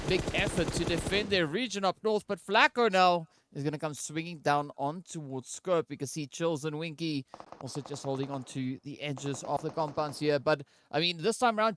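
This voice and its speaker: A man doing play-by-play for an esports match, jokey and quick, with plenty of fillers. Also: fairly high pitch, a bit bright, slight background noise. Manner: fast, jokey, filler-heavy play calling. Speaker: esports caster. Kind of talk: play-by-play commentary.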